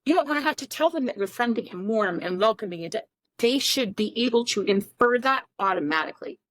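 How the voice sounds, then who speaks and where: A woman's voice: a little high, animated, a little fast, no room sound. A woman co-hosting a podcast, explaining ideas in an emphatic, teacherly way with frequent rhetorical questions. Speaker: podcast co-host.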